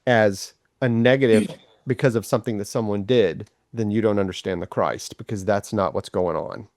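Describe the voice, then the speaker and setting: A man's voice: fairly low pitch, moderate pace, a little mellow, dry recording, studio quality. A man with a Southern US accent co-hosting a casual Bible study discussion, explaining earnestly. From Southern United States. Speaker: podcast co-host.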